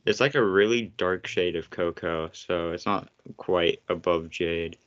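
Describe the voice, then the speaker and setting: A man's voice: deep voice, measured pace, a bit bright. A man co-hosting a podcast in casual chat, blunt and teasing. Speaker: podcast co-host. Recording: slightly muffled podcast audio.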